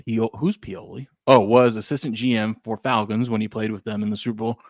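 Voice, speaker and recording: A man hosting a casual sports betting talk show, animated and joking, reading out chat comments. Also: on the low side, fairly quick, dry recording, clean studio sound.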